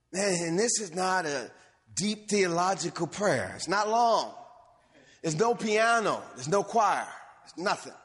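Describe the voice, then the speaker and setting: A man preaching a sermon as a pastor, swinging from low, quiet passages up to loud, emphatic calls. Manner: animated preaching, rising to near-shouts and dropping low. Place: church sanctuary. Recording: long hall reverb.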